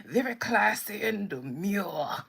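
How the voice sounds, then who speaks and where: Woman doing a plummy, tipsy British lady toasting; gravelly, slow. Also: on the high side, huge pitch swings, exaggerated voice. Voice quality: loud, plummy, theatrical.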